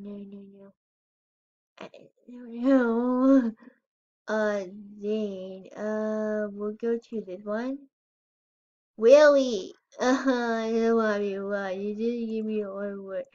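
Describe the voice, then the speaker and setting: In a muffled recording, a woman with a medium-pitched, somewhat mellow voice rambles casually while playing a game and showing off her game house. She often sounds unsure of herself and squeals over cute items.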